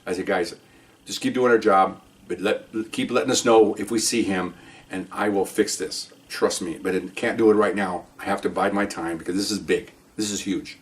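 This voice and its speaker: A man's voice: fairly low pitch, normal speed, far from the mic. An older man, a retired police officer, telling a rambling story and checking in with "okay?" as he goes. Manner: rambling, animated, keeps adding "okay?". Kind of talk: casual storytelling monologue.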